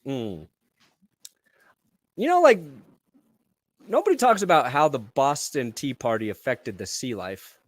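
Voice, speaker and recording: Male co-host, dry ribbing delivery, very animated pitch, no room sound. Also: unhurried, long pauses, dry recording. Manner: dry teasing, slangy. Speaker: podcast co-host. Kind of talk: casual sports podcast banter.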